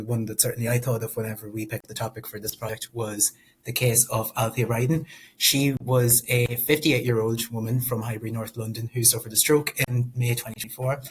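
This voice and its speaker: Man presenting casually in a flat tone. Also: mid-range voice, a little hiss or hum, low-quality recording. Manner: casual, with fillers and asides. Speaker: student presenter. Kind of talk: semi-scripted class presentation.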